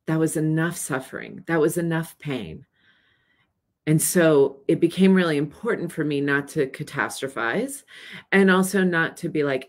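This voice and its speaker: A middle-aged woman speaking plainly and earnestly to her viewers in a casual reflective video, sometimes acting out anxious or soothing inner voices. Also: sits low. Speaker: coach sharing weekly video reflections. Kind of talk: casual reflective talk to camera.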